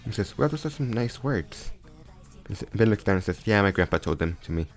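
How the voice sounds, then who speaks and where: A man's voice: on the low side, expressive, a little fast. A man casually improvising a story aloud, often stumbling and restarting his sentences. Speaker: storyteller retelling a fan crossover story. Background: faint background music.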